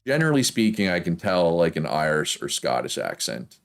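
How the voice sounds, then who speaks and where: Gaming streamer, male, deep Prince Edward Island accent, loose rambling chat with laughs. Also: very animated, brisk, creaky. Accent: Prince Edward Island, Canadian East Coast. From Prince Edward Island, Canada. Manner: rambling, chatty, laughs often. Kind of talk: casual chat while playing a game.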